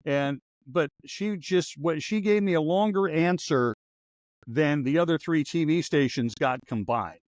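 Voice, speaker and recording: A man's voice: a little high, a little slow, no room sound. Wry rambling older man, dry close sound. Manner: rambling anecdotal storyteller, wry asides. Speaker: podcast host and former radio newsman. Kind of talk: casual storytelling chat.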